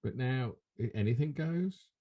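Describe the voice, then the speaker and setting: A man's voice: medium pitch, animated, normal speed, muffled recording. A man with a British accent, co-hosting a casual chat, indignant and full of rhetorical questions. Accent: British English. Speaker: podcast co-host.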